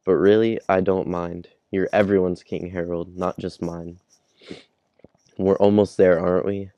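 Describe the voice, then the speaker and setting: A man voicing a gentle, loving queen, reading her lines softly aloud. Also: sits low, little pitch movement, measured pace, no echo, muffled recording. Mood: tender.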